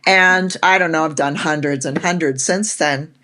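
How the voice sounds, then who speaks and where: A woman life coach and guest on a podcast, explaining ideas in a measured way with some fillers. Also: low-pitched, bright, forceful tone. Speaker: human design coach, guest. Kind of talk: casual interview conversation.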